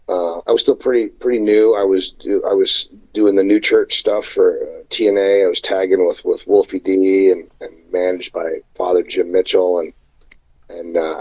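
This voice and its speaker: A man with a low, husky voice rambles through an old anecdote in a casual interview. He stops, restarts and fills gaps with "uh" as he remembers. The sound is dull and lo-fi, like a remote call. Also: darkish tone. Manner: rambling, halting anecdotes with many fillers. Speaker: wrestler guest. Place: indoors at night, remote call.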